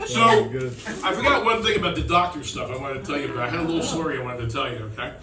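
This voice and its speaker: A middle-aged man tells rambling stand-up stories, now and then slipping into kids' voices. His voice sits a little high and comes from a distance off the mic. The room is echoey, and a crowd laughs loudly behind him. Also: expressive, rapid-fire. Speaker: stand-up comedian. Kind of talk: stand-up routine. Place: comedy club stage with audience.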